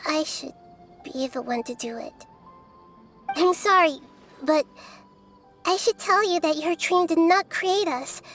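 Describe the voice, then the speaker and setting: A woman voicing a calm, wise, young-looking goddess in a video game, with a soft, light, girlish voice and a gentle, thoughtful manner. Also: very high voice, heavily acted.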